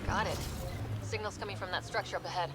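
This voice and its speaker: A woman voicing a brisk female squad member on a mission, giving clipped, businesslike reports. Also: lowish voice, fairly even intonation, lightly acted. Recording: loud vehicle and ambient game noise.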